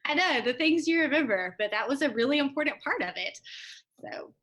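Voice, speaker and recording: Young woman guest, slightly high voice, animated storyteller in casual interview. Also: fairly quick. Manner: chatty, animated storytelling with fillers. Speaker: interview guest, Spanish teacher.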